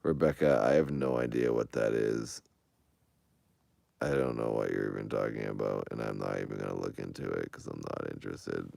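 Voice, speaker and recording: A man with an extremely low voice and a gravelly rasp talks casually to his online viewers. He answers their comments one by one, rambling defensively and often restarting his sentences. The recording is dry and close, with no room sound. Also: fairly even intonation, normal speed, darkish tone, no echo. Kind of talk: casual chat to an online audience.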